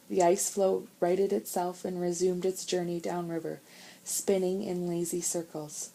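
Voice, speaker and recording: A woman narrating a children's chapter book in a calm, measured way. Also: fairly low pitch, a little hiss or hum, poor audio. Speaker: audiobook narrator. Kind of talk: storybook narration.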